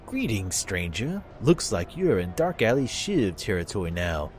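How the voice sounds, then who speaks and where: A sneering street thug makes threats in a swaggering voice, played by a man. His tone drops low and then climbs sharply. It sounds like a fan reading a game aloud. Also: sing-song, a little slow, a little hiss or hum. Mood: menacing. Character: menacing male street thug demanding a purse.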